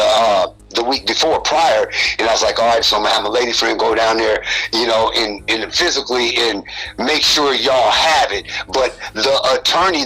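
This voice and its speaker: Casting note: man, guest on a call, bright and forceful, emphatic storyteller. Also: mid-range voice, husky, rough recording. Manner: emphatic, reads legal text aloud. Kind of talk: casual call conversation.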